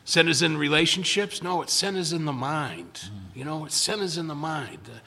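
A man's voice: fairly high pitch, sing-song, normal speed, sharp tone. An older man sharing his recovery story in casual talk. He rambles, stops and restarts a lot, and stammers over his words. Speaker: recovery speaker. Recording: long hall reverb.

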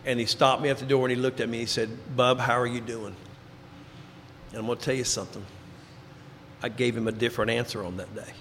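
A man's voice: fairly even intonation, fast, a little hiss or hum. Man telling his story in a hall. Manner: storytelling, drops to quiet low tones for emphasis. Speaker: recovery speaker. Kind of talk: personal testimony talk. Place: large hall before an audience. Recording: reverberant hall, faint ambience.

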